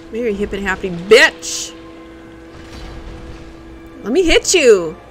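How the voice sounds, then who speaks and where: A woman's voice: medium pitch, big pitch swings, slow pace, faint music behind. A woman streamer giving live gameplay commentary, profane and exclaiming, talking back at a boss.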